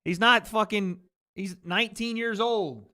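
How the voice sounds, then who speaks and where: A man's voice: high voice, measured pace, bright, forceful tone. A man streaming live, ranting with heavy profanity, frustrated and angry as he snaps back at his chat. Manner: profane, heated, snapping at chat. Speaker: streamer reacting to a football game and live chat. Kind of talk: heated livestream rant to chat.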